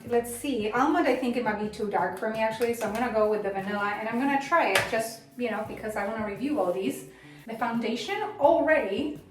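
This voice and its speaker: Excitable woman vlogger in an echoey room. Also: a little high, recorded from a distance. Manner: chatty, excitable, self-deprecating. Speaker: beauty vlogger. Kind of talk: casual product review. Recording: roomy echo, off-mic, faint music.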